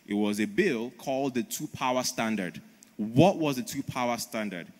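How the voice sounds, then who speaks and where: A man delivering a sermon with emphatic, storytelling energy at an ordinary pitch for a man. His voice carries the long reverb of a large church auditorium. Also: expressive, moderate pace. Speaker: preacher. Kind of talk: conference sermon.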